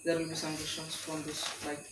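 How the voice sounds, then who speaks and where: A man's voice: a little high, monotone, fairly quick. A male tutor giving an exam-prep lecture, reading questions aloud and reassuring students in a repetitive way. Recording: roomy, distant mic with loud insect noise.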